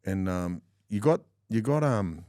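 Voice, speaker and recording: A middle-aged Australian man telling rough stories in casual chat, swearing freely and laughing as he goes. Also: fairly low pitch, a little slow, no echo, studio quality. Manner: swears often, animated yarn-spinning with laughs. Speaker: podcast guest.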